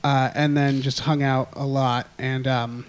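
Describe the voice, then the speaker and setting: A man's voice: mid-range voice, level tone, unhurried, smooth. A man in his thirties telling rambling, self-mocking stories in a casual chat, laughing often. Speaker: podcast guest.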